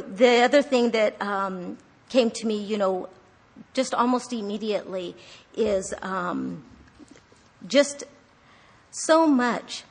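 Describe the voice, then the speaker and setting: A woman's voice: mid-range voice, gravelly, slightly rough, big-room sound. A woman leading a conversational devotional Bible study, chatty and earnest, often restarting her sentences and reading out verses.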